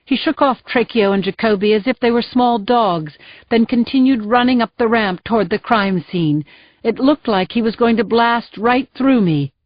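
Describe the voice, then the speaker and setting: A woman reading a first-person thriller audiobook in a tense, measured way. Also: a little high, dry recording. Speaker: audiobook narrator. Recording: dull, dry studio sound.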